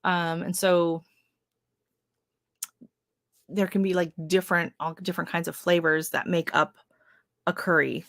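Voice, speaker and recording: A woman's voice: on the low side, little pitch movement, a little slow, creaky, long pauses, no room sound, studio quality. A woman hosting a live stream, chatting casually with viewers, greeting them by name and rambling with lots of fillers. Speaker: livestream host. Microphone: livestream setup.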